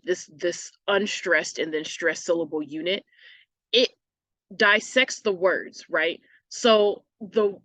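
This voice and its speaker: A woman teacher explaining a lesson patiently, often checking in with a quick "right?". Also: medium pitch, a bit bright, dry recording. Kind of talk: recorded online lesson.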